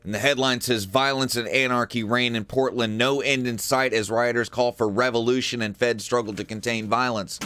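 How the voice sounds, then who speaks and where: A man's voice: medium pitch, steady tone, normal speed, few pauses, bright, forceful tone, smooth. A man co-hosting a political podcast, earnest and emphatic, repeating his points for weight. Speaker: podcast co-host. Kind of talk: political commentary.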